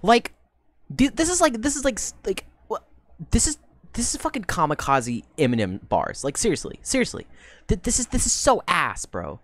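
A young woman streamer giving profane, mocking reaction commentary, with loud bursts of laughter and sudden shouting. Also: medium pitch, wildly swooping pitch, normal speed.

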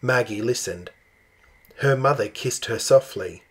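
A man reading a children's picture book aloud in a slow, expressive storytelling manner. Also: mid-range voice, slightly rough. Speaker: storybook reader.

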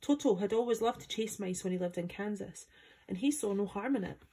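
A woman from Scotland reading a chapter of a children's book aloud, in steady, plain storytelling. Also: mid-range voice, a little fast, husky. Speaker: volunteer reader.

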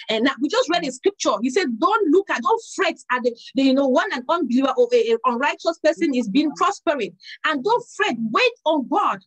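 A middle-aged woman preaching a sermon, telling a personal story with lively quoted dialogue. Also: high-pitched, brisk, poor audio.

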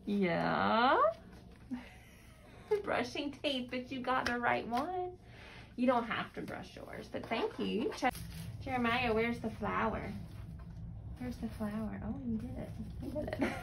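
A woman's voice: on the high side, expressive, takes it slowly, creaky, pauses often, background noise. A woman talking in sing-song, encouraging baby talk to a young child at home, in a home video. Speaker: caregiver mother.

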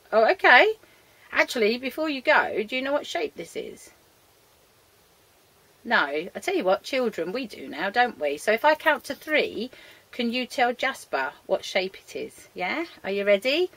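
Husky, sing-song woman teaching small children. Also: a little high, very animated, a little slow, fairly bright tone, no echo. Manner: sing-song, coaxing, talking to young children and a puppet. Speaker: early years maths teacher. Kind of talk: lively children's lesson with a puppet.

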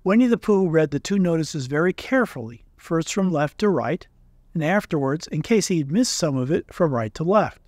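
A man reading a children's storybook aloud in a calm, measured way. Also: on the high side, dry recording, studio quality. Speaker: audiobook reader.

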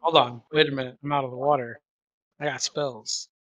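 A player in an online tabletop game, eager and quick to laugh, asking about rules and rolls. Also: medium pitch, steady tone, fairly bright tone, no echo. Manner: eager, laughs often, asks rules questions.

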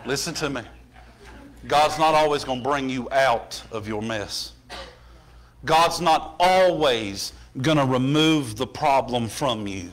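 A pastor preaching a sermon, building from plain storytelling to impassioned shouting in a church. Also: male voice, medium pitch, slow, long pauses, a little hiss or hum.

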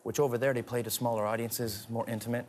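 A man from Canada, a guest actor and singer, telling animated stories in a casual talk show interview and laughing often. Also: medium pitch, fast, slight background noise.

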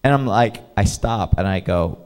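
A male pastor telling a personal story in a sermon, animated and casual, laughing often and filling gaps with "you know". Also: lowish voice, normal speed, clear, resonant tone.

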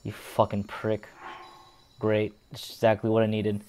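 A man's voice: on the low side, monotone, measured pace, darkish tone, slight background noise. A young man casually commenting on gameplay, swearing and muttering at the game. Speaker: gamer, video host.

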